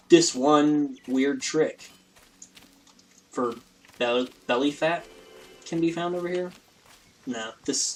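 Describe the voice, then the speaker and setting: Over poor audio, a man at medium pitch plays a game and keeps up casual commentary as a let's play host, rambling, joking and running himself down.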